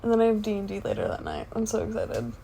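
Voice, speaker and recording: A woman's voice: medium pitch, wildly swooping pitch, quick pace, creaky, warm tone, a little hiss or hum. A woman in her twenties doing a whispered role-play as the listener's sleepy, chatty fiancée, rambling between yawns.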